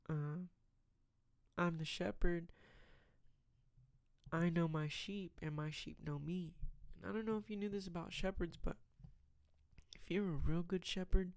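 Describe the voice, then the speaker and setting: A man giving a casual, rambling Bible reflection, reading verses aloud and filling pauses with "um" and "like.". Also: fairly high pitch, creaky, a little mellow, dry recording, clean studio sound. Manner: rambling, many fillers, reads scripture aloud.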